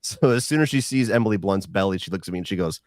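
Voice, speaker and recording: A man in his thirties chatting casually as a podcast guest, relaxed and wry as he tells stories. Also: sits low, fast, dry recording, studio quality.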